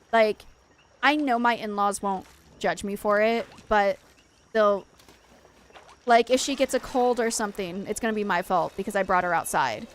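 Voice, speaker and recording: A woman's voice: medium pitch, slight background noise. A young adult woman hosting a game stream, talking in a loose, rambling way with lots of "like" and restarts. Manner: rambling, heavy use of "like", frequent restarts. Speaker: streamer, host. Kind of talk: casual chat while playing a game.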